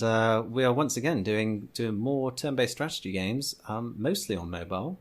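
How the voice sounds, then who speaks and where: A man being interviewed on a podcast, easygoing and self-deprecating, talking with fillers. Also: fairly low pitch. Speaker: game developer guest. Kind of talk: casual interview chat.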